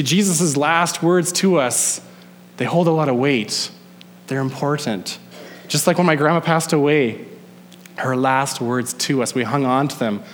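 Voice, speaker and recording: A male pastor preaching a sermon, emphatic, slowing down to stress key phrases. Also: medium pitch, big-room sound, a little hiss or hum. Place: church sanctuary.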